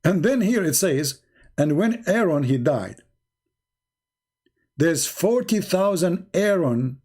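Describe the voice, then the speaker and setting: A man's voice: high voice, expressive, slow pace, darkish tone. Insistent man in a heated debate. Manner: insistent, repeats phrases. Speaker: debate show host.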